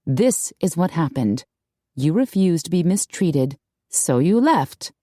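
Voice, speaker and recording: A woman's voice: low voice, sing-song, takes it slowly, mellow, no echo, studio quality, heavily acted. A woman voicing a determined young heroine with an earnest, emphatic delivery. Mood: insistent.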